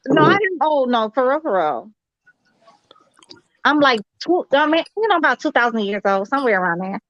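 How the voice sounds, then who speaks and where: A woman's voice: sits high, very animated, moderate pace, a bit bright, dry recording, lo-fi sound. A woman from Chicago hosting a casual online chat, joking and laughing at herself. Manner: joking, laughing, self-mocking.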